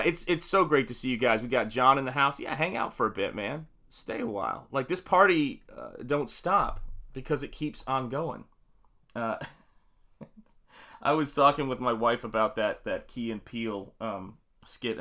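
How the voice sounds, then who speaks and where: A man's voice: medium pitch, bright, forceful tone. A man hosting a casual live stream from his home art studio while painting, greeting viewers by name and rambling loosely with plenty of fillers. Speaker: livestream host and painter.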